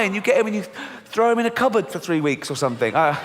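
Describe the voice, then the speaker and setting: This is a middle-aged man with an English accent performing stand-up comedy in a large theatre. His voice sits a little high and leaps all over the place as he mocks and acts out voices. The mic picks up a long hall reverb and a faint hum of the room. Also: animated, quick pace. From England. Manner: swearing, mocking, acts out voices with big pitch jumps. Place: large theatre stage before a laughing audience.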